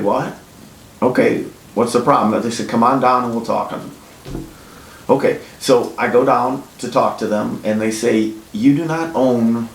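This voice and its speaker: A man who flips houses, telling his own story in a blunt, casual, profane way and getting animated when he quotes himself. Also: creaky. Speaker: house flipper. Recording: echoey room with faint rumble.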